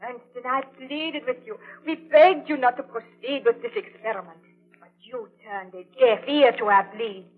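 A woman's voice: a little high, normal speed, soft background music, natural voice. An actress playing Elizabeth, a grieving young woman who passionately accuses her fiancé, in a 1930s radio drama. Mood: accusing. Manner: impassioned, accusing, theatrical. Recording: tinny old 1932 radio broadcast.

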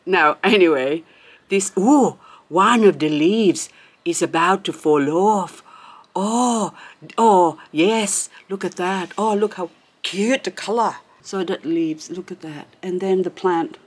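A woman's voice: fairly low pitch, slow. A woman hosting a plant haul vlog, chatty and gushing, laughing often as she unwraps her plants. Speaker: succulent channel host.

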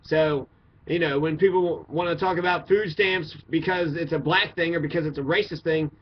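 A man's voice: fairly high pitch, fairly even intonation, moderate pace, a little hiss or hum. A man from Kentucky giving a blunt, profane, opinionated monologue. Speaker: commentator. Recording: dull lo-fi recording.

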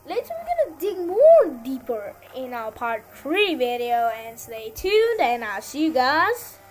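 A woman's voice: sits high, big pitch swings, unhurried. A woman hosting a gaming channel, giving casual gameplay commentary in a rambling, repetitive way as she lectures viewers.

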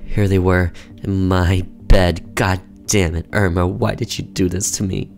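A man voicing a jealous, unhinged husband in a horror game, low and menacing. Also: flat delivery, a little slow, gravelly, soft background music. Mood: seething.

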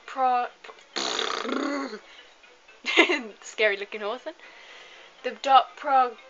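This let's play host is a weary young woman giving laid-back gameplay commentary, laughing at herself when difficult words trip her up. She speaks high-pitched with drawn-out words and vocal fry, and music plays behind her on a slightly dull lo-fi recording.

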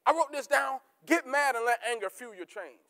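A man preaching a sermon as pastor, repeating key words for emphasis and swinging between shouted peaks and low, quiet asides. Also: animated, normal speed. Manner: rising to shouts, then dropping to low asides.

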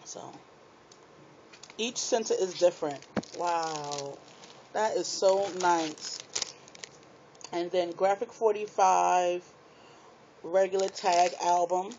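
A woman chatting excitedly to her viewers while unboxing craft supplies in a small apartment, laughing at herself as she goes. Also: fairly low pitch, slow, long pauses, background noise. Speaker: craft vlogger. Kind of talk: casual unboxing chat to viewers. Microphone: tablet microphone. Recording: dull lo-fi tablet audio.

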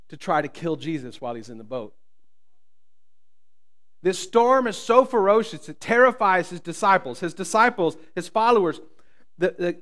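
A man preaching a sermon as pastor, swinging from loud, booming lines to quiet hushed ones and joking with the congregation. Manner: jokes with the congregation. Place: church.

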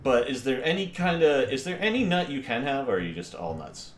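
A man's voice: medium pitch, big pitch swings, a little fast, echoey room, slight background noise. A man chatting casually while playing a video game, rambling and joking and easily sidetracked. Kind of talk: casual let's-play banter.

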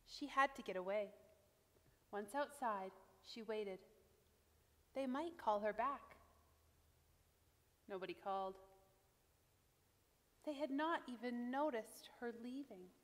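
A woman reading a Christmas picture book aloud to children, with a gentle, expressive delivery. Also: on the high side, takes it slowly, long pauses, in a large hall. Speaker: children's storyteller.

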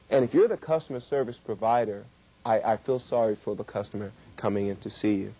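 A middle-aged man giving a workshop lecture on communication, with emphatic, drawn-out stresses. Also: on the low side, warm tone, husky. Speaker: communication trainer.

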